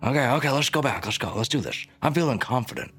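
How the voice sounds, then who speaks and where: A man's voice: mid-range voice, expressive, fast, fairly bright tone, faint music behind. A man playing a tabletop game, talking in a goofy, swaggering way and swearing often. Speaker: player. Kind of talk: in-character role-play.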